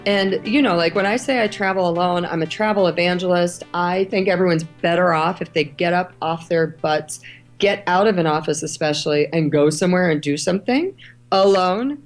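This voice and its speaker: A woman's voice: lowish voice, moderate pace, faint music behind. A middle-aged woman from Ohio and Kentucky, a travel writer, talking in a conversational interview and acting out the voices of people she quotes. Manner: animated storyteller, acts out quoted voices. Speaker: travel writer and editor, guest.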